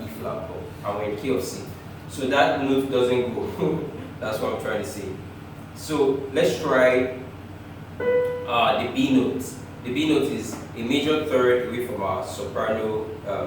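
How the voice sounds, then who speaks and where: A man teaching choir harmony, talking through the theory and now and then singing short phrases, sometimes in falsetto. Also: very echoey, recorded from a distance, rough recording. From Nigeria. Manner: talks through theory, often breaks into sung phrases, chuckles. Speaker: music teacher. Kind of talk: choir harmony lesson with sung examples. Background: piano.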